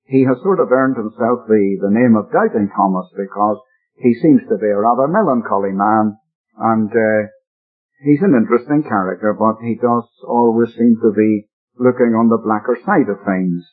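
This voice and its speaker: A man's voice: lowish voice, moderate pace. A man preaching a Bible-teaching sermon on the radio, earnest and emphatic as he explains the text. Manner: earnest, emphatic expository delivery. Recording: narrow-band old radio broadcast.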